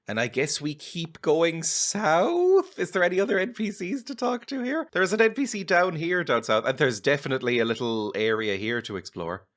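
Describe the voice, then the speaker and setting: A young man chatting through a game in a loose, joking way. His pitch swings widely as he talks, with faint music playing underneath. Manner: jokey, rambling, laughs often. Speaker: gamer. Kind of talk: casual let's-play commentary.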